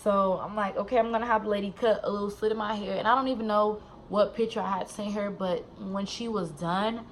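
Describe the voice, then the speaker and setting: A young woman vlogger telling a personal story in a candid, animated, slangy way, with many "like"s. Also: mid-range voice, brisk, slight background noise, rough recording.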